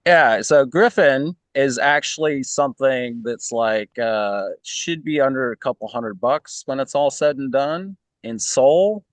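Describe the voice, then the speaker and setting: Slow-talking man, dry close sound. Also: mid-range voice, no echo. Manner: thinks aloud, frequent "um" and "right?". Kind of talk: casual online chat.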